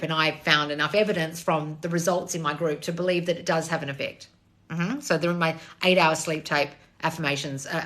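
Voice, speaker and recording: A woman's voice: low voice, a bit bright. A woman coach on a live stream answering chat questions, blunt and sarcastic, swearing freely. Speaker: manifestation coach.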